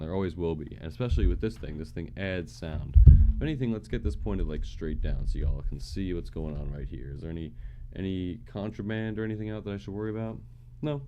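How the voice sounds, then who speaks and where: A man with a low, deep voice talks casually through a live stream tech walkthrough. He leans on fillers and keeps checking in with his viewers as he tweaks his setup at home. A faint hiss sits under his voice. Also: dark tone. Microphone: USB microphone with headset monitoring.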